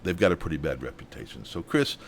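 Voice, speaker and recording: A man's voice: very deep voice, big pitch swings, quick pace, creaky, slight background noise. A man hosting a news commentary, indignant and worked up. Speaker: host.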